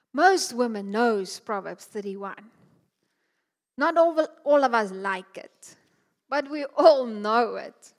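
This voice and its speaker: Woman preacher, high voice, passionate, emphatic builds, church hall reverb. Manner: passionate, rising to emphatic peaks. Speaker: women's ministry speaker. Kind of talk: sermon.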